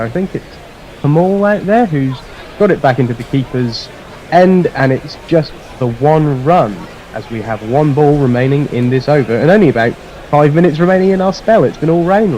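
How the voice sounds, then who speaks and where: A man's voice: medium pitch, a little mellow, rough recording. A man giving chatty live ball-by-ball cricket commentary on a radio stream. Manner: chatty, quick to laugh, mixes play calls with plugs.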